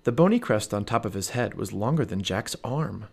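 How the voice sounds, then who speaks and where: A man narrating a children's storybook aloud as a parent, with an expressive read-aloud delivery. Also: on the low side, moderate pace, vocal fry, breathy edge.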